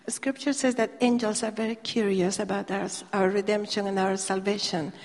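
A woman's voice: medium pitch, normal speed, few pauses. Woman preaching a testimony in a hall. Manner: animated storytelling, acting out dialogue. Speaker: preacher telling her testimony. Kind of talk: testimony sermon. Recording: long hall reverb.

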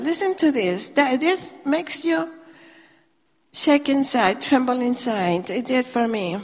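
A woman preaching her testimony in an animated storytelling way, acting out the dialogue. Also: sits high, slow pace. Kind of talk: testimony sermon. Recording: long hall reverb.

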